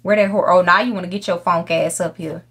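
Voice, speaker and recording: A woman's voice: on the low side, fairly even intonation, fairly quick, a bit bright, breathy edge. A young woman giving casual gameplay commentary, brash and profane, scolding the animals in her game. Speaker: gaming YouTuber.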